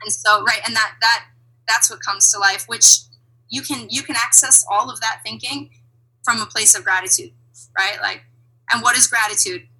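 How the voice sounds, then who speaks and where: Bright husky woman guest. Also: fairly high pitch, normal speed, low-quality recording. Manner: animated, reflective, laughs often. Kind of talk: conversational interview.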